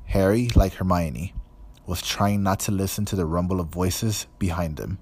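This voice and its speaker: A man reading an audiobook in a measured, even storytelling manner. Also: low voice, no echo. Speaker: audiobook narrator. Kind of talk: scripted narration.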